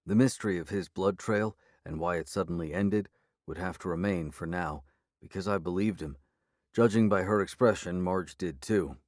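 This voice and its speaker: Low-voiced male audiobook narrator. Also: normal speed, a little mellow, dry recording, studio quality. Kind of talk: scripted first-person narration.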